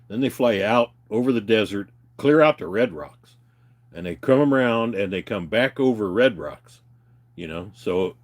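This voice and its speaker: A middle-aged man tells crude, profane stories in loose, casual rambling. He laughs often and mimics the people he talks about. His pitch swings widely as he goes. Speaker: streamer telling stories.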